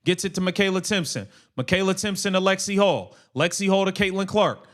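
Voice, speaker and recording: Male streamer, slightly high voice, heated slangy play-by-play and rants. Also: fairly quick, fairly bright tone. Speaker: live stream host. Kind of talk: casual live watch-along commentary.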